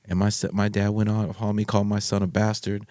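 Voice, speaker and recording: A middle-aged man, a podcast guest, candidly telling a personal story in an animated way and stopping to restart his sentences. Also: fairly low pitch, quick pace, dry recording, studio quality. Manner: animated, acts out others' voices, frequent restarts.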